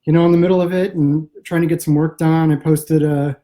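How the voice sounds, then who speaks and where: Man from the Midwest, comic writer guest, dark mellow tone, thoughtful, rambling, video call. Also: fairly high pitch, steady tone, brisk, low-quality recording. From American Midwest. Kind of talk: casual interview chat.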